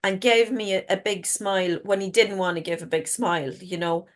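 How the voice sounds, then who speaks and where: A woman's voice: medium pitch, steady tone, normal speed. A middle-aged woman, a guest author telling stories frankly in casual chat and swearing freely. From Ireland.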